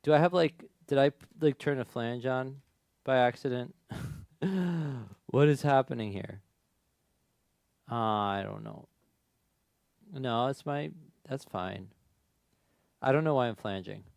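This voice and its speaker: A man hosting a music request livestream who chats casually and thinks out loud, his voice running through a flanger effect. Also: mid-range voice, takes it slowly, creaky, pauses often, studio quality. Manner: rambling, thinks aloud, laughs at himself. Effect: flanger and reverb on his voice.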